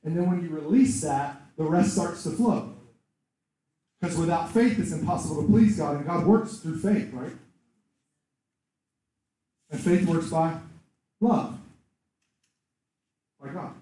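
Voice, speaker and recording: A man preaching and telling his own story in a mellow, fairly high voice. He tells it in an animated way, the words ringing out through a very echoey room. The mic sits well away from him. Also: takes it slowly, pauses often, recorded from a distance. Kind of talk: sermon with personal testimony.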